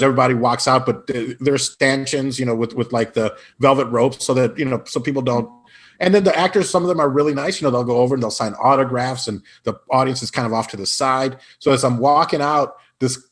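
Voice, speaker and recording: A man with a husky, breathy edge to his voice, guesting on a podcast and spinning casual stories from his career. He jumps into quick voices for the people in his anecdotes. His pitch sits mid-range for a man. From Illinois. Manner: animated anecdotes with put-on quoted voices. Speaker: podcast guest, improv actor and comedian. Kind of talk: casual storytelling interview.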